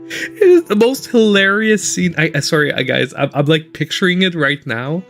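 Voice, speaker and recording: A man hosting a casual gaming livestream, telling stories in an animated way as he plays. His voice sits a little high and he laughs often. Faint game music plays behind him. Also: moderate pace. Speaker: gaming channel host.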